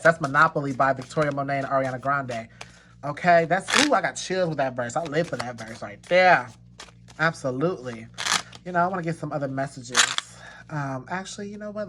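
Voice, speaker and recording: A man's voice: on the high side, fairly quick, noisy background. Emphatic man giving a tarot reading. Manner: emphatic and repetitive, reassuring the listener; slips into laughter and exclamations. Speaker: tarot reader. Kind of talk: pick-a-card tarot reading to viewers.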